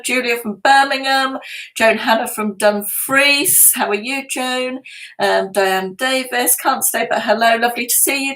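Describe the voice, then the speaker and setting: A woman's voice: a little high, low-quality recording. Chatty woman in her fifties. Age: 50s. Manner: chatty, warmly greets viewers by name, laughs often. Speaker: lifestyle channel host. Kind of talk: casual live-stream chat. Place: at home indoors.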